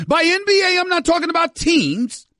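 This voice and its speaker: A male sports radio host with a very high, bright, forceful voice, recorded dry and close in a studio. He rants emphatically, circling back on the same phrases for effect. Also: very animated, brisk, no echo. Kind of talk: sports talk radio monologue.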